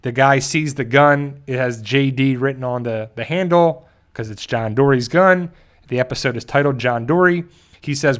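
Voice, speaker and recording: A man's voice: medium pitch, lively intonation, fairly bright tone. A man hosting a channel, casually recapping an episode in a rambling way and briefly acting out the characters' lines. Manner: rambling, with frequent restarts and quick acted-out quotes. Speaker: show host.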